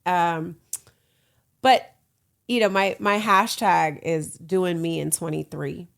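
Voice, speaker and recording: A woman in her late thirties hosts her own casual solo podcast, speaking slowly in a lowish voice with vocal fry and fairly even intonation. She's frank and playful, laughs often, and cheers her listeners on.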